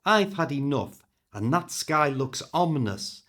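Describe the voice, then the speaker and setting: A man reading aloud plays a no-nonsense British mum in a storybook, brisk and a little exasperated. His own voice stays close, with lively pitch. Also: exaggerated voice. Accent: British English. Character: exasperated mother on family holiday.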